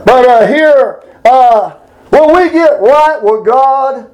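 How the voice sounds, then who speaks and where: High-voiced preacher in echoey church. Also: male voice, animated, slow pace, a little mellow, recorded from a distance. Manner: folksy down-home preaching with congregation call-and-response. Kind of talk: sermon. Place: church sanctuary.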